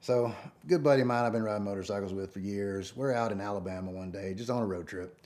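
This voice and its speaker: A man telling a rambling story in a casual, animated way, acting out quotes and sounds. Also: on the low side, quick pace. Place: rural North Georgia home.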